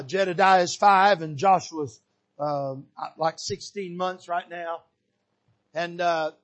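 An older male pastor from Michigan preaches from the pulpit in a notably high voice. He swings from shouted exhortation down to hushed, soft emphasis. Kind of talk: preaching a sermon. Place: church pulpit.

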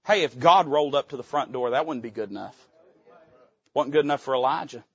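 A man's voice: a little high, expressive, fast talker, husky, no room sound, dull audio. A male pastor preaching from a church pulpit, emphatic and folksy. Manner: emphatic, folksy, quotes old scripture aloud. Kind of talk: sermon.

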